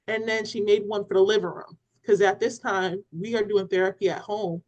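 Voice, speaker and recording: A woman's voice: medium pitch, normal speed, lo-fi sound. A woman co-hosting a parenting podcast, telling a story in casual chat and acting out what people said, with laughter. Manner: animated, retells scenes with acted-out quotes and laughter.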